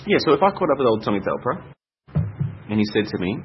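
A man's voice: mid-range voice, sing-song, quick pace. Rambling Australian man, lo-fi. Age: young adult. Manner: rambling, chatty, thinks aloud with fillers. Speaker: podcast host. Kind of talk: casual solo talk. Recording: dull lo-fi sound with faint noise.

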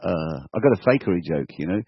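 A man in a casual group chat, telling jokes in a deadpan way. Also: sits low, quick pace, slightly rough, no echo. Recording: dry dull lo-fi call audio.

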